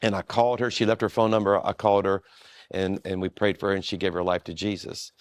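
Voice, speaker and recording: Dry, low-voiced pastor telling a story. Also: male voice, fast, no room sound. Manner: relaxed, self-deprecating, with frequent restarts. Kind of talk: storytelling in a conversation.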